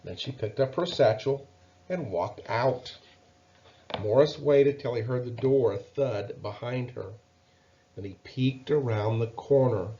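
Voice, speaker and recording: A man reads a children's Bible story in a gentle, expressive way, pausing to ask the listener questions. His pace is slow and unhurried. The recording is dull and lo-fi. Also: medium pitch, a little hiss or hum.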